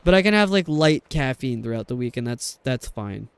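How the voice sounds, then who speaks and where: A man's voice: mid-range voice, very animated, moderate pace, gravelly, clean tone, no room sound. A man from New York with a New York accent, chatting and rambling casually while streaming a game. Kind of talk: casual chat while gaming.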